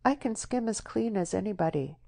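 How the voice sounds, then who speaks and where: A woman voicing a tender, stubborn young rural woman with an English country dialect, plaintive and soft. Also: medium pitch, animated, a little fast, gravelly, pitched above the performer's own voice. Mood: flustered.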